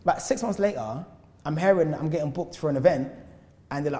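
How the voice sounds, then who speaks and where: Animated London man telling stories, roomy sound. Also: fairly high pitch, brisk, slight background noise. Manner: animated, laughing, acts out dialogue. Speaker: performing artist guest. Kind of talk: casual storytelling chat. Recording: roomy hall reverb.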